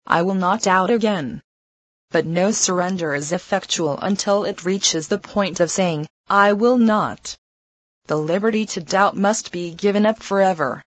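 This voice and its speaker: A woman's voice: fairly low pitch, dry recording, poor audio. Earnest woman reading devotional text. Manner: earnest, measured exhortation.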